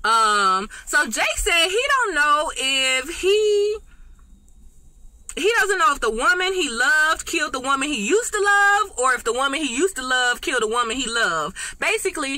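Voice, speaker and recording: A woman chatting casually to her viewers as she recaps and reviews a TV episode, animated and talkative. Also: high-pitched, moderate pace, no room sound, rough recording.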